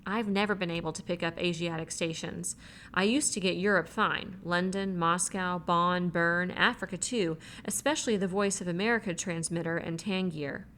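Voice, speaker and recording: A woman reading a novel aloud as an audiobook, in an even, measured way, voicing the characters' lines herself. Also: fairly low pitch, a little hiss or hum. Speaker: audiobook reader. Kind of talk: audiobook narration.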